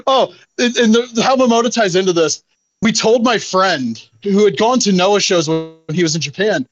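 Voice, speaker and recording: Young male podcast host, high voice, rambling casual chat, dry lo-fi sound. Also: normal speed, no echo, soft background music. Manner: rambling, laughing, profane storytelling.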